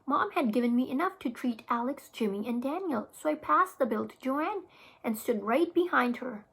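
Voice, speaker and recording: A woman teacher reading a children's chapter book aloud to her class, with expressive storytelling. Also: high voice, normal speed, vocal fry, breathy edge, poor audio. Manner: expressive storytelling with small restarts.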